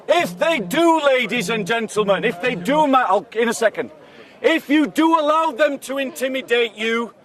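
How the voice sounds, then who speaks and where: A man giving an open-air debate speech outdoors, shouting repeated accusing questions at the people around him. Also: very high-pitched. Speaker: street speaker. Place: outdoor park speaking area. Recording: distant mic, crowd around.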